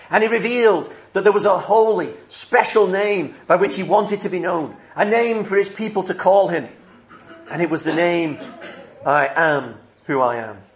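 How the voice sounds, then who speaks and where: Preacher, male, slightly high voice, earnest measured sermon delivery, emphatic repetition.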